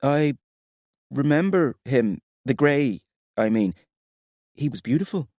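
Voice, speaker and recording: A shy, wary young girl who answers hesitantly, as a male narrator raises his voice for her. The voice sits high above his own, lifted and close, with a dry sound. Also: expressive, takes it slowly, darkish tone, no room sound.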